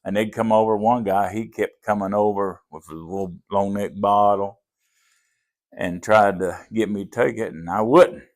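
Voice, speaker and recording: An older Southern preacher with an Appalachian accent tells stories in a folksy drawl. His voice sits low and has a gravelly edge. He acts out the people in his stories as he goes. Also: steady tone, normal speed, a little mellow. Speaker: pastor. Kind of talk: storytelling in a podcast interview.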